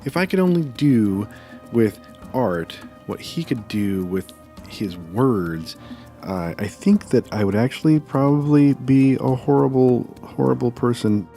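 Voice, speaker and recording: A man recording a voice-over while he draws. He reads a poem theatrically, then chats in a relaxed, rambling way. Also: medium pitch, a little slow, faint music behind. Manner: theatrical recitation with swelling and fading volume; relaxed, rambling chat with fillers. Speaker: artist drawing on video. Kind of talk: dramatic poetry reading, then casual chat.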